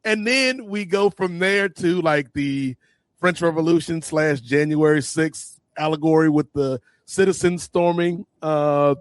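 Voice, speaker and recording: A man co-hosting a casual podcast review, excitedly retelling TV scenes and acting out the characters' lines. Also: fairly high pitch, a little slow, smooth, no echo. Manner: animated, acts out scenes in quoted voices. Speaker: podcast co-host.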